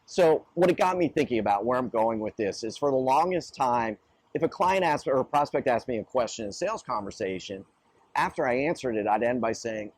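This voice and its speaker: A man hosts a casual business talk show and eases into his stories in a relaxed, conversational way. His voice sits at an ordinary pitch. The sound is dry and close, with no room around it. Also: brisk, slightly rough, no room sound. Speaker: podcast host. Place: studio in an office building.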